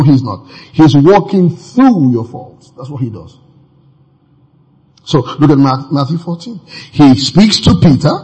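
Husky-voiced male preacher, conversational. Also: fairly high pitch, a little mellow, low-quality recording. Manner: conversational, laughing asides, many fillers. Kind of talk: sermon.

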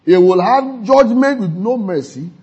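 Husky-voiced man preaching a lively sermon. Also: measured pace. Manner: preaching with sudden swings in pitch and volume; acts out quoted gossip and repeats lines for emphasis. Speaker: pastor. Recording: dull lo-fi recording.

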